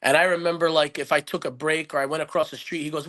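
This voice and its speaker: Fast but steady, this man's voice is fairly high and a bit bright. He's a podcast guest telling a personal story in an earnest, reflective, rambling way with lots of restarts, typical of casual interview storytelling.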